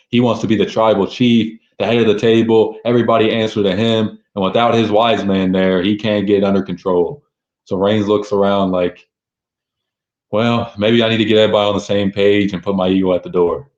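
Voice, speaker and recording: Low-voiced man hosting a casual recap. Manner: excited, recounting events with quoted lines. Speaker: podcast host. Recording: roomy, dull lo-fi sound.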